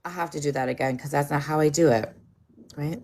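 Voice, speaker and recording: A woman's voice: low voice, steady tone, brisk, a little mellow. Blunt, swearing woman livestream host. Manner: blunt, swears freely, scolds her chat. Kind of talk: casual livestream chat.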